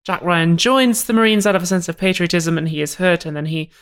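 A podcast co-host recapping a film in a brisk, dry, analytical way. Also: medium pitch, fairly bright tone, clear, resonant tone. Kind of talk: casual chat recapping a film.

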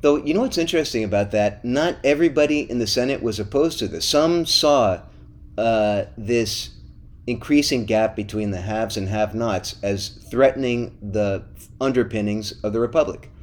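A man's voice: medium pitch, moderate pace. Guy hosting a history podcast, chatty storyteller vibe, playful. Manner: animated storyteller, teasing and playful. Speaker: podcast host. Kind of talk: casual history podcast chat.

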